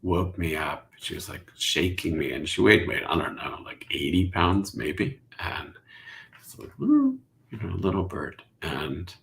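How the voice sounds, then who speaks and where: A middle-aged man, a Zen teacher, speaking softly and contemplatively as a podcast guest, sometimes dropping to a whisper. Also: sits low, vocal fry. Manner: slow, soft-spoken and contemplative, drifting into whispers. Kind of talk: reflective podcast conversation.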